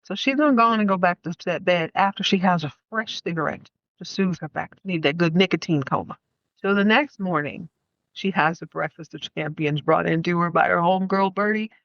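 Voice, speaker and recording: A woman's voice: lowish voice, a little fast, fairly bright tone, no echo, lo-fi sound. A woman hosting a casual film review podcast, retelling the story in a playful, slangy way with plenty of asides. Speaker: podcast host.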